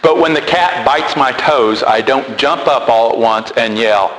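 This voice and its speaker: Man preaching slowly in an echoing hall. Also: mid-range voice, fairly bright tone. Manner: conversational preaching with repetitions and asides. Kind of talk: sermon. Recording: roomy hall with long reverb and faint noise.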